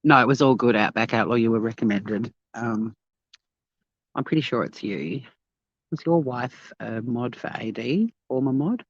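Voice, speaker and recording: This Australian woman has a rumbling low voice at normal speed, chatting bubbly and talkative to her live-stream viewers as she walks around a beachside cafe. The recording is dull lo-fi phone audio with no room sound.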